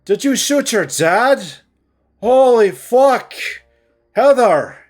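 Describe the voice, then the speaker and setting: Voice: mid-range voice, expressive, extremely slow, soft background music, voice pushed up. A narrator voicing a young male bat, angry and wounded, hissing out curses. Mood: shocked. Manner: hissing, swearing outbursts.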